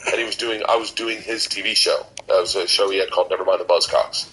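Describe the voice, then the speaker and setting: A man in his forties telling a long story in casual chat as a podcast co-host, rambling and restarting, animated when he quotes others. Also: low voice, fast, low-quality recording. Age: 40s.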